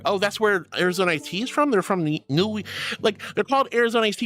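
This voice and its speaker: A woman streaming, chatting casually and reading viewers' messages aloud, swinging between soft low musing and high excited squeals. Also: normal speed.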